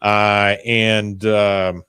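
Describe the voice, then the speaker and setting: A man's voice: lowish voice, little pitch movement, drawn-out words, sharp tone, clear, resonant tone, no room sound, studio quality. A man co-hosting a podcast, casually retelling scenes and quoting the dialogue, with lots of fillers. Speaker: podcast co-host. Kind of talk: casual episode recap.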